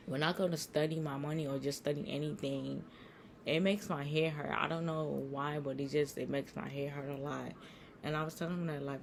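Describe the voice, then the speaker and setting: A woman's voice: deep voice, gravelly, a little hiss or hum. A young woman telling a personal story to her viewers, rambling and repeating herself as she quotes family in dialogue. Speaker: vlogger.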